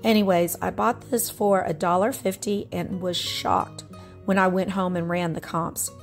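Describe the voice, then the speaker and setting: A woman's voice: fairly low pitch, fairly even intonation, unhurried, faint music behind. A middle-aged woman vlogger chatting about her thrift finds in a nostalgic, friendly way, laughing often. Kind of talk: casual show-and-tell narration.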